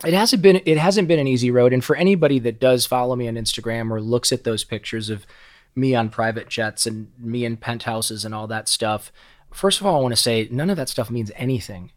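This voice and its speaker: A middle-aged man speaking as a podcast guest, at an ordinary mid-range pitch for a man. He tells stories in a raw, heartfelt way, swearing freely and stumbling over repeated words as he goes. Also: brisk. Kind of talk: candid conversational storytelling.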